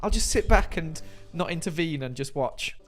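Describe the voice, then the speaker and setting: Teasing man hosting a game, lively voice. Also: a little high, normal speed, faint music behind. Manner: teasing, laughs often. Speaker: host of a building game. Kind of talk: casual gaming chat.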